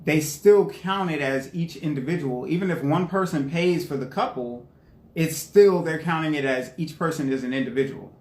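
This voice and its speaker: A man co-hosting a casual podcast, reading posts aloud in a steady, playful way. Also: a little high, moderate pace. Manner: playful, reads steadily then jokes. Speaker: podcast co-host. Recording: roomy echo.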